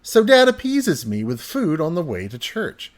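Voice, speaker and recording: A man reading aloud a friend's funny childhood story, with an animated, hyperbolic delivery that swings from hushed to loud. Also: on the high side, normal speed.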